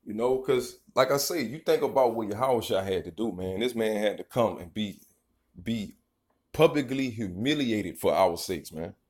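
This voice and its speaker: A man's voice: lowish voice, moderate pace, darkish tone. A man preaching an informal, profane sermon. He reads scripture verses, then riffs on them in a rambling, emphatic way and keeps tagging lines with "man". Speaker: street preacher.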